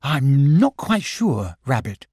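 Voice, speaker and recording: Man voicing a sensible young boy leader; earnest, lively, storybook. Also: mid-range voice, slow, breathy edge, dry recording, clean studio sound, heavily acted. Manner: earnest, organised.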